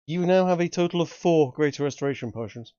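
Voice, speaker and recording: A man's voice: a little high, quick pace, mellow, clear, resonant tone, dry recording, dull audio. A man narrating a tabletop game as game master, often stumbling and repeating words.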